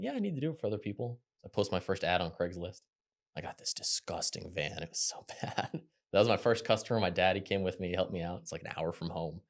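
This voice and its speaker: A young man, telling stories from his working life as a podcast guest in a quick, chatty way. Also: low-pitched. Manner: quick, chatty, animated when quoting others. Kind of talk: casual interview storytelling.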